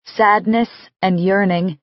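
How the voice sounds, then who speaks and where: A woman narrating an audiobook in the first person, reading in a slow, measured, intimate way. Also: medium pitch, fairly even intonation, no room sound, dull audio.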